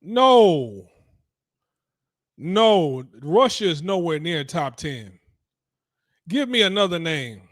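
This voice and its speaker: A man's voice: on the high side, very animated, slow pace, fairly bright tone, no room sound, studio quality. A young man giving casual reaction commentary as a show host, blunt, profane and dismissive. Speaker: streaming talk show host.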